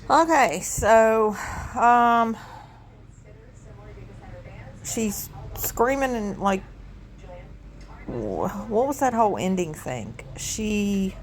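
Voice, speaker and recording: Woman, reaction youtuber, exasperated, sarcastic, talks in a middle pitch. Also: animated, very slow, long pauses. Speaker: commentary YouTuber. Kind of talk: reaction commentary.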